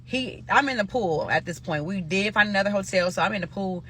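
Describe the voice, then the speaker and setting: A woman from Nebraska casually telling a personal story to viewers, animated and profane, calling them "y'all". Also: mid-range voice, fairly quick, a little hiss or hum. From Omaha, Nebraska.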